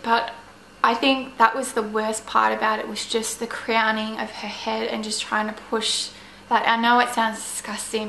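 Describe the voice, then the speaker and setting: Flat, fry-edged young woman. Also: on the high side. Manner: chatty, meandering, full of "like" and "you know". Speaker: vlogger. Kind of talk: casual personal storytelling. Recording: echoey room with faint ambient noise.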